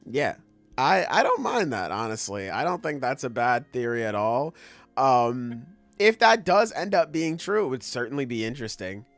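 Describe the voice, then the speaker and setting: Lively, laughing man teasing his co-host. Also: mid-range voice, moderate pace, dry recording, faint music behind. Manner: teasing, laughs often, swears casually. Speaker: podcast co-host. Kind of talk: casual chat.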